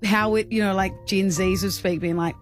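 A woman's voice: mid-range voice, fairly even intonation, moderate pace, faint music behind. A bubbly, giggly woman co-hosting a radio show, teasing her co-host in casual banter.

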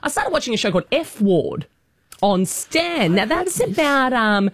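A woman's voice: fairly high pitch, big pitch swings, a little slow, breathy edge, dry recording, studio quality. An Australian woman co-hosting breakfast radio, chatty and cheeky in casual banter. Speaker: radio co-host.

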